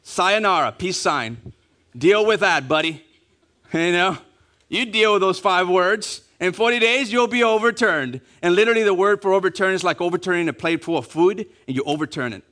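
A man preaching a sermon, acting out quotes and dropping to a hush on key words, asking the congregation to repeat after him. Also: high-pitched, a little fast. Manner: animated, acting out quotes, dropping to hushed emphasis; repeats key phrases, asks congregation to say it along. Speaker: pastor.

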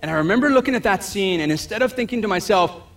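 Man, high-pitched, pastor, preaching, animated, acts out voices, quiet asides. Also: fast talker. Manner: animated preaching, acting out voices of people in the story; drops to a low, quiet voice for asides. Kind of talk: sermon.

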